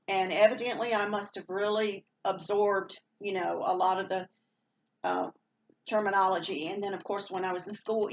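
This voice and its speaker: A woman's voice: mid-range voice, slight background noise. A woman from Maine with a slight Southern twang, chatting casually as a vlogger and rambling with fillers and restarts. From born in Maine, raised partly in Rhode Island. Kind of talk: casual chat.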